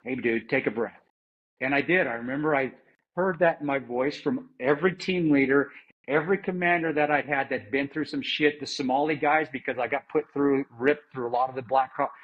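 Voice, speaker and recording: Talking a little fast in a mid-range voice, a middle-aged American who was once an Army Ranger and then a security contractor tells his story as an interview guest. He's plain-spoken and candid, restarting often and cursing at times, and the audio is dull.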